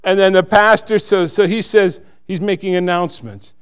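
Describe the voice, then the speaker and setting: A man's voice: sits high, moderate pace, clear, resonant tone. A man giving a church testimony, earnest and self-mocking, laughing at his own stories.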